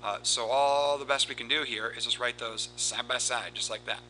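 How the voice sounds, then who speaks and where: A man teaching a recorded math lesson, explaining steps in a steady, explanatory way and reciting formulas in a rhythmic cadence. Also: medium pitch, moderate pace, slight background noise, low-quality recording. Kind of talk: recorded lesson with board work.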